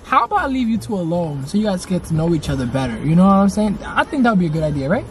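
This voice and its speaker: Here is a young man cracking jokes from inside a car, his voice rising and falling with lively swings. He stammers and repeats himself as he eggs on the others, and loud traffic and engine noise sit behind him. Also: high voice, very fast. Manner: teasing, repeats words, stammers. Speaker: prank video host. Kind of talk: joking street prank banter. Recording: noisy car recording.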